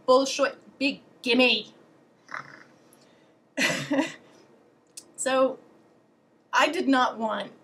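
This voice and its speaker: A woman's voice: fairly high pitch, fairly bright tone. Sarcastic, swearing young woman vlogger. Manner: sarcastic and profane, with lots of fillers. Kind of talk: casual storytelling.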